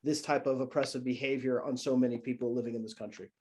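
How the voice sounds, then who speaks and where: A man's voice: mid-range voice, steady tone, quick pace, dark tone. Man, panelist, impassioned, rhetorical questions, video call. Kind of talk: panel discussion.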